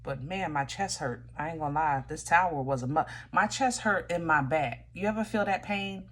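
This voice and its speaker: A tarot reader with a deep voice gives a casual reading at normal speed, speaking straight to her viewers in a chatty way and often stopping and restarting.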